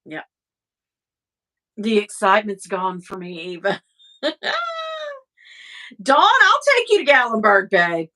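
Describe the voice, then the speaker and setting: Chatty Southern woman, bright voice. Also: medium pitch, big pitch swings, takes it slowly, long pauses. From American South. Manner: chatty, rambling, laughs often, swears casually. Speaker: livestream host reading chat. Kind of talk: casual chat.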